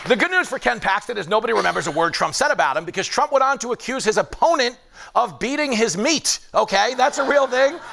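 High-voiced gravelly comic man. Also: animated, pushed and bright. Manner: quick jokey delivery, voices other people, laughs at own jokes. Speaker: late-night comedy host. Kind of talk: comedy monologue. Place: studio with live audience. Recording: audience laughter and noise behind.

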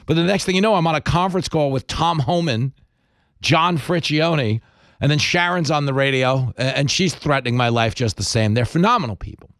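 A man hosting a talk radio show, his voice dry and close with no room sound around it. He jokes about himself and tells stories in a loose, chatty way, full of quick asides. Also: mid-range voice, a bit bright, no room sound. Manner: joking, self-mocking, quick asides. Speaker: radio host. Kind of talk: casual chat and storytelling.

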